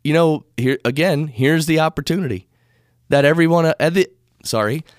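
A man's voice: a little high, normal speed, no echo, studio quality. Rambling American man musing on spirituality. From United States. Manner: rambling, conversational, self-correcting. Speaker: podcast host. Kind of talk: casual spiritual talk. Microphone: studio microphone.

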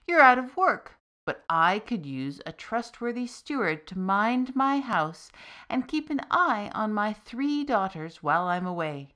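A hearty, booming male demon, voiced by a woman narrator, full of cheerful mischief. He speaks loudly and slowly, relishing every word, like a jolly storybook villain. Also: sing-song. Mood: coaxing.

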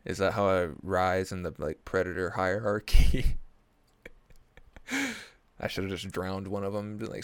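Young guy w a drawl, real deep voice, cussing and joking around, dry close sound. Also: fairly even intonation, slow pace, pauses often, dry recording. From Oklahoma. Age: early 20s. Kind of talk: casual comedic monologue.

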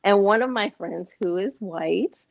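A woman's voice: medium pitch, measured pace, gravelly, no room sound, dull audio. A woman podcast guest in casual chat, talking earnestly and explaining her point.

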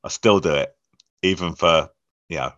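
Deep-voiced guy chatting about comedy gigs, acts out voices, kinda muffled dry audio. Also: normal speed, no echo. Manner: animated storyteller, acts out quoted voices. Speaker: comedy promoter and comedian, guest. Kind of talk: casual interview chat.

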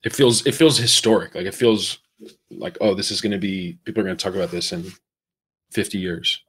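A man in a casual chat, talking candidly and excitably, swearing casually. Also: low-pitched, fairly quick, slightly rough.

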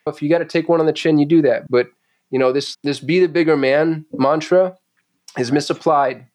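A man as a podcast guest, talking candidly and intensely, cursing freely and growing animated as he tells his stories. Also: on the high side, moderate pace, dry recording. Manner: intense, swearing, confessional, animated when retelling. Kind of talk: candid conversational storytelling. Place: Phoenix.

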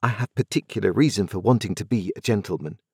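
A man's voice: fairly low pitch, fast, warm tone, slightly rough, no echo, clean studio sound. A man voicing an earnest, restless young man in a storybook reading, pleading and impatient. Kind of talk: audiobook character reading.

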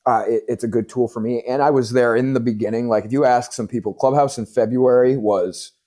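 A man hosting a podcast, chatting casually and telling animated stories with lots of fillers and casual swearing. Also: mid-range voice, a little fast.

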